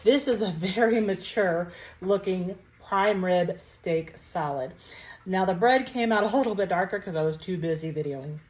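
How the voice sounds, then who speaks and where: A woman's voice: on the low side, normal speed. A woman chatting casually to her viewers while cooking and tasting food in a home kitchen. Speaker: cooking vlogger.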